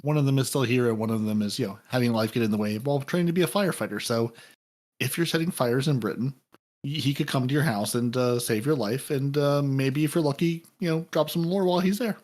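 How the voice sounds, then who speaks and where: A man's voice: mid-range voice, fast talker, a little mellow. Rambling, jokey male podcast host. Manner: rambling, playful, jokey asides. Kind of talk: casual chat, thanking patrons.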